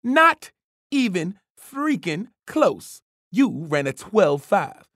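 A reader voicing a loud, excitable male track coach who yelps and howls in a storybook reading. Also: medium pitch, no room sound, clean studio sound, pitched above the performer's own voice, heavily acted. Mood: exasperated. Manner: yelping, howling, drawn-out shouts.

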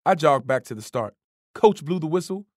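A narrator reading a first-person story in a lively, expressive way. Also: medium pitch, normal speed, no echo, studio quality.

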